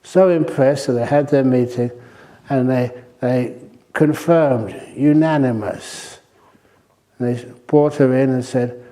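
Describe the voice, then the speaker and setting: Mellow-voiced older man giving a dharma talk. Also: mid-range voice, takes it slowly. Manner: humorous storytelling, relaxed and chatty. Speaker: meditation teacher. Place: retreat centre hall.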